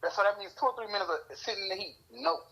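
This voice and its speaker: A man's voice: high-pitched, lively intonation, very fast, vocal fry, bright, forceful tone, slightly rough, low-quality recording. A man from Louisiana co-hosting a podcast, chatting casually and telling stories with lots of laughs and cursing. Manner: storytelling with frequent laughs and cursing. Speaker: podcast co-host. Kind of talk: casual chat.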